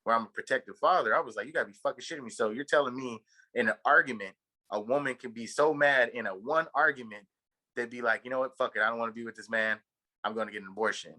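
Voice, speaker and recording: A man's voice: medium pitch, fast talker, pushed and bright, rough recording. A man from Texas co-hosting a podcast, telling a long story in a rambling way, full of fillers and swearing. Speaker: podcast co-host. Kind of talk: casual chat.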